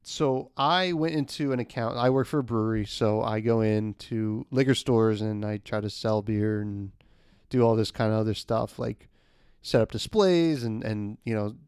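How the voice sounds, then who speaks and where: A man's voice: lowish voice, normal speed, a little mellow, clear, resonant tone, no echo, studio quality. A young man telling a rambling work story in a casual podcast chat, with lots of fillers and laughs. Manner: laid-back, rambling, laughs often, many fillers.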